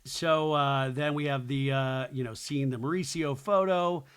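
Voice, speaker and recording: A man's voice: mid-range voice, steady tone, measured pace, fairly bright tone, clear, resonant tone. A man hosting a podcast, chatting casually through a reality TV recap with opinionated asides. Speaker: podcast host.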